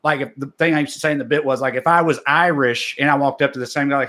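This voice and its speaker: A man with a thick Appalachian Southern accent from Tennessee, based in Los Angeles, co-hosts a podcast as a comedian, telling stories in casual, rambling chat full of restarts. His medium-pitched voice is rapid-fire, bright and forceful, with fairly even intonation.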